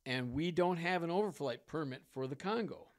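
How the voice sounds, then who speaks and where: A man's voice: a little high, moderate pace. A man, a ferry pilot, telling stories in a casual interview, acting out the people in them and laughing often. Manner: animated storyteller, acts out dialogue, laughs often.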